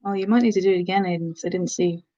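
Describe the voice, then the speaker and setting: A woman's voice: fairly low pitch, steady tone, rapid-fire, dark tone. Woman streamer from the Black Country, chatty, answers chat between bits of giantess role-play, muffled lo-fi sound. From Black Country, England. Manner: chatty, answering viewers' comments. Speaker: ASMR streamer.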